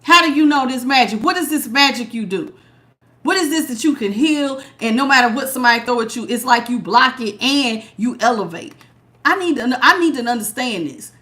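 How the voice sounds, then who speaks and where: A woman's voice: high voice, lively intonation, fairly quick, pushed and bright. A woman hosting a live tarot reading, chatting casually with viewers and laughing often.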